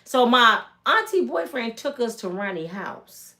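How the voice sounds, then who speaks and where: A woman's voice: a little high, measured pace. A woman in her fifties from Michigan, telling a personal story in a casual, emphatic way. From Michigan, USA. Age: 50s. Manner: animated, emphatic, acts out voices. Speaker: storytelling vlogger.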